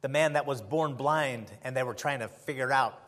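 A male preacher delivering a sermon, full of rhetorical questions and swinging between loud emphasis and quiet passages. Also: mid-range voice, normal speed.

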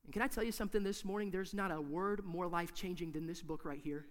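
A man preaching a sermon in a church, emphatic and repetitive, swinging from hushed to loud. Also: high voice, fast, big-room sound.

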